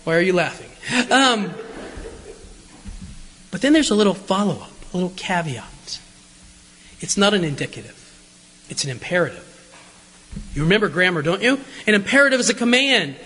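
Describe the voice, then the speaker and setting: A man's voice: sits high, sing-song, moderate pace, long pauses, sharp tone. A man preaching a conversational sermon in a church, joking with the congregation and asking them questions. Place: church sanctuary. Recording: long church reverb.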